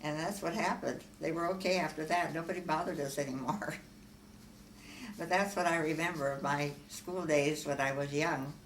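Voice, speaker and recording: An older woman from Omaha, Nebraska, unhurriedly recounting her life story in an oral history interview, with frequent fillers and soft laughs. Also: low voice, fairly even intonation, moderate pace. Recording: echoey room, far from mic, faint hiss.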